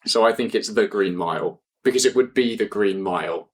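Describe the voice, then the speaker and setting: A man co-hosting a podcast, chatting casually with deadpan jokes and wordplay. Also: on the low side, fairly quick. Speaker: podcast co-host. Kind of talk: casual chat.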